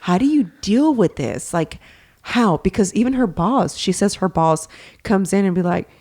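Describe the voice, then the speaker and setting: This is a woman in her thirties from Texas, hosting a relaxed podcast chat. Her voice sits in an ordinary middle range. She tells her stories with energy, acts out the voices of the people in them and cusses casually. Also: medium pitch, moderate pace. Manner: animated storytelling, swearing freely, acting out voices in quotes. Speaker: podcast host.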